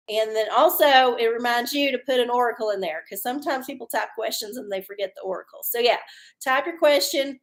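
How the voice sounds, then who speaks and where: A woman with a drawl talks casually to her live-stream audience, rambling from one story to the next. Her voice sits high, and her chat is folksy, loose and sprinkled with swearing and laughter. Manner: chatty, folksy, swears freely and laughs often. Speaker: livestream host doing oracle readings.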